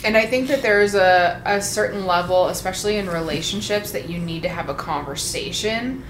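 A woman's voice: on the low side, normal speed. A woman in casual chat, talking freely with swearing and acting out quoted lines. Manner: chatty, swearing, acts out quotes. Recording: echoey room, faint noise.

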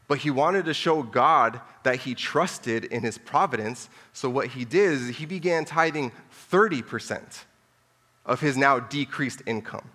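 Guy preaching a sermon, casual and jokey, bright voice, long reverb in a church hall. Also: medium pitch, lively intonation, measured pace. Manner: conversational, joking asides, repeats for emphasis.

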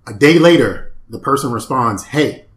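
Male co-host, mid-pitched, patient and explanatory, echoey room sound. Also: expressive, normal speed, a bit bright. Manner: explanatory, patient, matter-of-fact. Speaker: podcast co-host. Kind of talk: casual chat.

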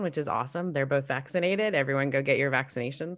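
A woman with a low-pitched voice co-hosts a podcast in relaxed, casual chat. She sounds tired but chatty, laughing easily and often breaking off to restart a sentence. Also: fast, dry recording, clean studio sound. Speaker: podcast co-host.

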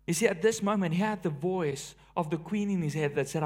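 Male preacher, high-pitched, dynamic sermon delivery, loud emphatic peaks dropping to hushed lows. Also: a little fast, few pauses.

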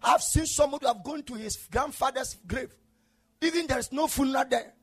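A male preacher delivering an impassioned sermon, swinging between shouted declarations and low murmurs. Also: a little fast, breathy edge, faint music behind.

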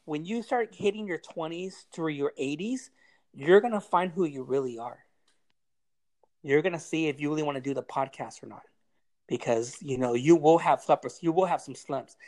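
A man's voice: fairly high pitch, normal speed, a little mellow. A man on a podcast giving a blunt, heavily profane pep talk in casual chat. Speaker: podcast guest giving advice.

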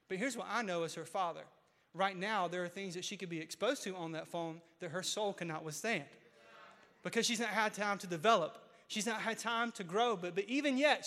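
A man in his thirties preaching a sermon as pastor, repeating key lines and building to loud, emphatic peaks. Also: high-pitched. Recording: hall reverb.

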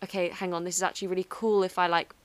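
A young woman chats casually and animatedly, packing her stories with fillers. Her voice sits a little low. The sound is dry and close, with no room around it. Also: rapid-fire, no room sound. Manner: animated storyteller, lots of fillers. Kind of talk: casual chat.

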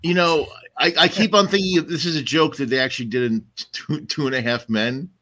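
A man co-hosting a casual comedy podcast, cracking crude jokes in a lively way. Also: fairly high pitch, brisk. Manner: crude wisecracks, lively delivery. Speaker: podcast co-host.

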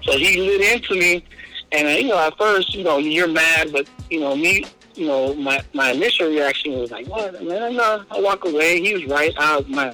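Bright-voiced man telling a lively story. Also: fairly high pitch, poor audio. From Southern California. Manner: lively storyteller, peppers speech with "man" and "you know". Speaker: high school basketball coach. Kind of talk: casual podcast interview.

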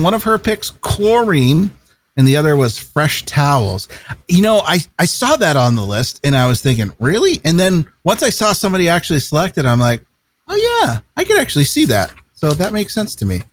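A man's voice: fairly high pitch, very animated, brisk. Easygoing rambling male co-host. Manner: easygoing, rambling, laughs often. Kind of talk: casual chat.

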